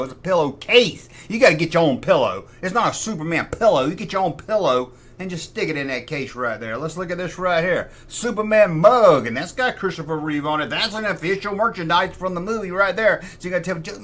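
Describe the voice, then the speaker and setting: A man with a bright, forward voice pitched a little high talks through his toy collection like he's chatting with a friend. He rambles, cracks jokes at his own expense and drifts into side remarks, loose and unpolished throughout. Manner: rambling, jokey, self-deprecating asides; puts on mock voices for quoted people. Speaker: collectibles video host. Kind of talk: casual show-and-tell commentary.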